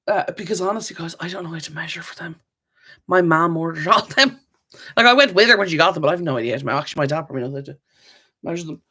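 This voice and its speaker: A woman's voice: sits low, a bit bright. Chatty woman hosting a live Q&A. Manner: chatty and rambling, reading viewer comments aloud; laughs often, many fillers and self-corrections. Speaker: channel host. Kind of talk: live-stream Q&A chat.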